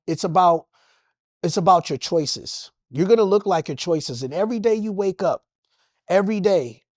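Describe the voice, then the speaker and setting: This is a Los Angeles man's high, slightly mellow voice, captured with studio quality and no echo. As a guest in an emotional personal interview, he talks about his life with passion, using preacher-like bursts and repeated phrases.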